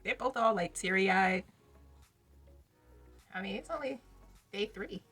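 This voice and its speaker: A woman's voice: mid-range voice, lively intonation, slow pace, a bit bright, breathy edge, faint music behind. A young woman reviewing a reality TV episode in a chatty vlog, laughing often and throwing in slangy asides to her viewers. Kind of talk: casual commentary vlog.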